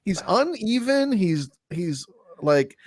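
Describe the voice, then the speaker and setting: A man hosting a podcast in casual movie review chat, animated and sarcastic, laughing often. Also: high-pitched, slow pace, slight background noise. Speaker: podcast host.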